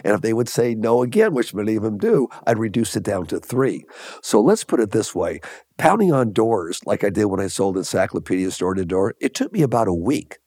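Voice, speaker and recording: A man's voice: fairly low pitch, a little fast, no echo, studio quality. An older man from Los Angeles, a guest entrepreneur telling stories in an interview and acting out the dialogue of the people in them. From Los Angeles, USA. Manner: animated anecdotes with lively quoted dialogue. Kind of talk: storytelling interview answers.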